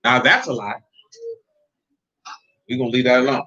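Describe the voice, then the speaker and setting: A man's voice: medium pitch, normal speed, pushed and bright, dull audio. A man preaching in a loose, conversational way, joking and talking straight to his congregation. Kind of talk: conversational sermon.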